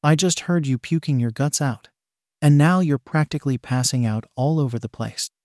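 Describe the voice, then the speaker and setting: A man voicing a hot-tempered, foul-mouthed teenage boy who talks gruffly and curses in exasperation. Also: fairly high pitch, normal speed, a little mellow, dry recording, clean studio sound, natural voice. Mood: irritated.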